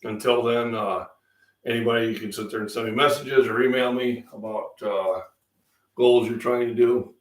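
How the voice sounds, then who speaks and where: A middle-aged Midwestern man hosting a casual fitness chat, rambling with many fillers, feeling under the weather with coughs and throat-clearing. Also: medium pitch, steady tone, moderate pace. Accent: Midwestern American. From Illinois, US Midwest. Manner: rambling, chatty, frequent fillers. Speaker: fitness channel host. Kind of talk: casual live-stream breakfast chat. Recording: echoey room, distant mic.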